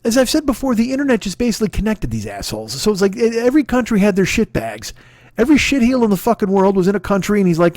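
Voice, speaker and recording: A man's voice: sits high, big pitch swings, fast talker, a little mellow, no room sound, clean studio sound. A man hosting a comedy podcast, ranting solo, profane, with stammering restarts. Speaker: podcast host.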